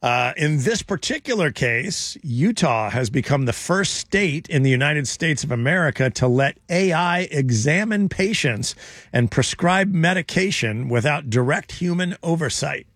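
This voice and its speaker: A man's voice: a little high, animated, a little slow, a bit bright, slightly rough, no echo, studio quality. A man hosting a radio talk show, reading news items and joking with his co-hosts. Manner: wry, joking, reads news items aloud.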